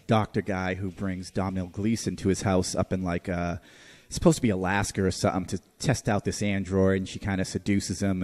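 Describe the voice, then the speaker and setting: A man's voice: lowish voice, mellow. A man hosting a casual podcast, reviewing a movie in a rambling, profane way with lots of fillers. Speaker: podcast host.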